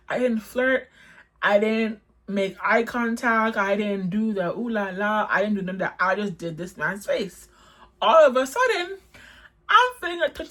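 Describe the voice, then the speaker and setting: A woman telling a casual storytime, animated, with many 'like's and quick jumps up in pitch. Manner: animated, swings high when quoting herself, lots of 'like'.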